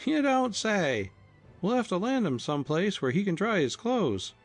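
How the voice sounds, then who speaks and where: A man voicing a cool, wry young man who mocks gently, in a storybook reading. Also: sits high, very animated, unhurried, faint music behind, pitched above the performer's own voice, full character voice. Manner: cool, mocking.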